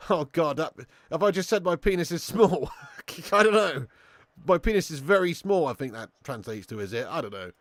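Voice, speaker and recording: A man's voice: on the high side, animated, normal speed, no echo. A young man hosting a live football watch-along who chats, swears and laughs, bantering with viewers in the chat.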